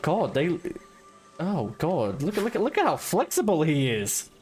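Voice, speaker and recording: Man, live streamer, excitable, slightly high voice, very lively pitch. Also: soft background music. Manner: excitable, quick to exclaim. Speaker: streamer playing a stealth game. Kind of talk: casual live-stream chat.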